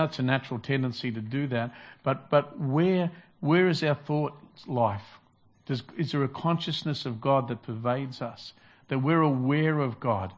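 A man's voice: mid-range voice, muffled recording. A man preaching a sermon in an earnest, repetitive style, restarting phrases as he builds his points. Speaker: pastor.

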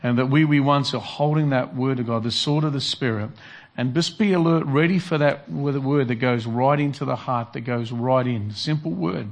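A man's voice: mid-range voice, normal speed, creaky. A man preaching earnestly in a sermon, reflecting on a story and repeating his key phrases. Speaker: pastor.

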